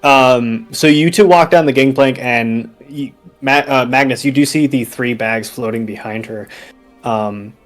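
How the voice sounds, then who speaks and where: Game master, man, mid-pitched, halting delivery, faint music bed. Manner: hesitant, many ums. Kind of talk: narrating a tabletop game.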